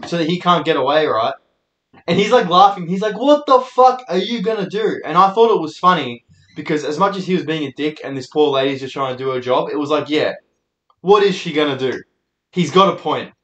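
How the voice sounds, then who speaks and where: A young man hosting his own show, telling loose, laid-back stories with plenty of swearing. His voice sits a bit high for a man. The room around him is noticeably echoey. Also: brisk, a bit bright, lo-fi sound. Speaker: host. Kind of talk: casual storytelling monologue.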